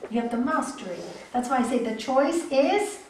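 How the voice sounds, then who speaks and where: Higher-voiced woman teaching in an echoey room. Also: moderate pace, slight background noise. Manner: animated, repeats key words. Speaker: yoga teacher. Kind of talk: teaching a class. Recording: echoey room, mic far off.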